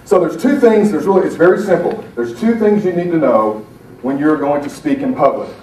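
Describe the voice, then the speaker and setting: A middle-aged man from Alabama giving an animated, self-deprecating storytelling talk to a conference audience. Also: on the high side, brisk, far from the mic, slight background noise. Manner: animated, self-deprecating, acts out quoted voices. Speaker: motivational speaker. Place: conference breakout room. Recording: echoey hall, speaker off-mic.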